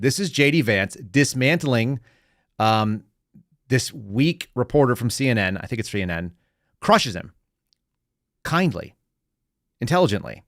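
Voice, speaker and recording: A man's voice: medium pitch, no echo, clean studio sound. A middle-aged man hosting a podcast, chatting casually and with strong opinions, joking and slipping into brief mocking voices. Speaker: podcast host. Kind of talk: casual political commentary.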